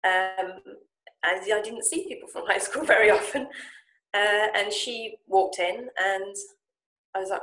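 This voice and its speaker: Woman telling a lively story. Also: medium pitch, a little slow. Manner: lively, animated retelling with acted-out quotes. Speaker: Japanese speaking coach and founder. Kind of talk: casual storytelling talk. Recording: echoey room.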